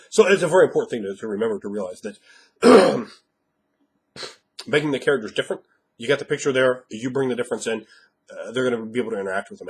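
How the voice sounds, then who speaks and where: Blunt husky-voiced game master. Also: male voice, lowish voice. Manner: blunt and emphatic, with frequent swearing. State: slightly hoarse after a cold. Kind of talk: instructional monologue.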